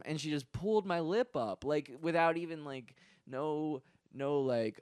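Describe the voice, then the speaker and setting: A man's voice: medium pitch, expressive, moderate pace, a little mellow, clean tone, no room sound, studio quality. A young man hosting a comedy podcast, telling rambling, digressive stories full of fillers, restarts, swearing and self-deprecating asides. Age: young adult. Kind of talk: casual comedic storytelling.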